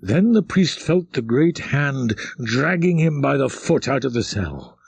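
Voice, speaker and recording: A man narrating a classic novel in a dramatic, measured storytelling manner. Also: mid-range voice, sing-song, gravelly, husky, dry recording. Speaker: audiobook narrator.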